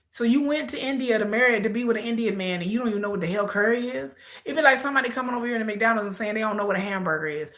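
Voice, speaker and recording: A woman's voice: on the high side, rapid-fire, few pauses, a bit bright. An American woman hosting a casual livestream, ranting with disbelief and mocking the people she reacts to. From United States. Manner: outspoken, incredulous ranting with mocking mimicry. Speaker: live-stream host reacting to a reality show.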